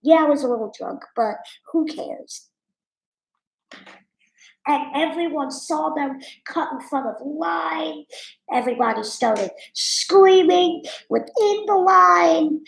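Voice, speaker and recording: A woman's voice: high voice, animated, slow pace, vocal fry, echoey room, rough recording. A woman streamer telling a story and reading viewer comments in a blunt, sassy, candid way. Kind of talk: casual livestream storytelling.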